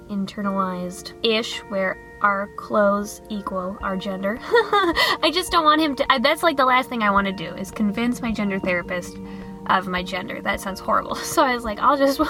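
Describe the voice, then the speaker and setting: A woman vlogging in a casual, chatty way, bubbly and rambling with quick restarts. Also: medium pitch, pushed and bright, faint music behind.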